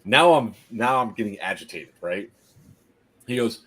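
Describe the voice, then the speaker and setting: A man casually telling a long story on a podcast as its host, animated and often laughing. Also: lowish voice, a little slow, breathy edge. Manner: animated anecdote teller, laughs through his story.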